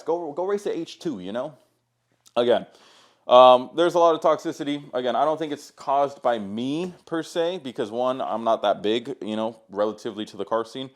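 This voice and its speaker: A man's voice: medium pitch, moderate pace. A young man, a car content creator, telling stories to camera in a casual, rambling, profane way. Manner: profane, laid-back, rambling.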